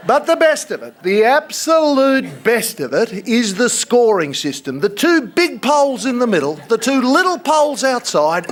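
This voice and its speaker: An Australian man in his fifties gives a rousing, jokey conference speech that sometimes gets loud with passion. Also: sits high, sing-song, unhurried. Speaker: keynote speaker.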